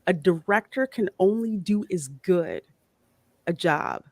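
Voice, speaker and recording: A woman hosting a live-stream movie chat, her voice sitting on the low side. She reads out viewers' names and gives frank, opinionated takes. The sound is dry, with no room echo. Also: expressive, a little slow. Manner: greets chat viewers by name, blunt and opinionated.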